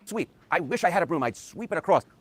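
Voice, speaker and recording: A man delivering election analysis on television at a rapid clip, his voice high and swooping widely. He exclaims over the figures and drops in playful asides. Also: sing-song. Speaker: election data analyst on a news broadcast. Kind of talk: animated broadcast analysis.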